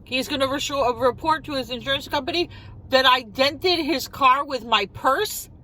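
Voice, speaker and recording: A middle-aged woman vlogger tells a story while eating, animated and incredulous, firing off rhetorical questions. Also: sits high, moderate pace, poor audio.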